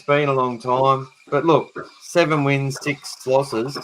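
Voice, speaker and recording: A man's voice: mid-range voice, flat delivery, slow, slight background noise. A man with an Australian accent hosting a live podcast in casual, jokey chat. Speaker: podcast host.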